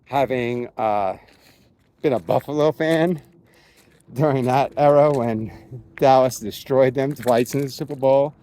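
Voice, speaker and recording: A man's voice: medium pitch, a little slow, mellow. Male vlogger, strong Long Island accent, loose talky storyteller, recorded outdoors while hiking. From New York. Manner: chatty, rambling, self-correcting storyteller. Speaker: poker vlogger. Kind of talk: casual vlog monologue while hiking. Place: outdoors on a mountain trail.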